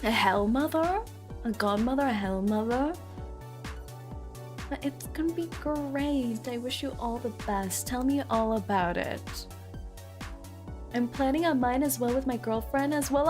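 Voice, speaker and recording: Woman VTuber host: high voice, unhurried delivery, teasing, prone to excited squeals. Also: faint music behind. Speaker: VTuber streamer. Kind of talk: casual livestream chat, reading chat aloud.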